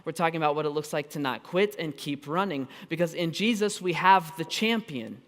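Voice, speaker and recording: A high-voiced man in his thirties preaches a storytelling sermon, animated and self-deprecating. He breaks into quick asides and restarts. His voice rings with a long reverb through a church auditorium. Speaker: pastor.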